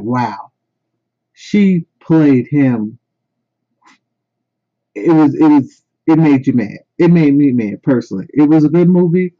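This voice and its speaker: A man chatting as a book blogger in a casual book and movie review, emphatic and repeating phrases for stress. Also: medium pitch. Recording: tinny phone-like sound.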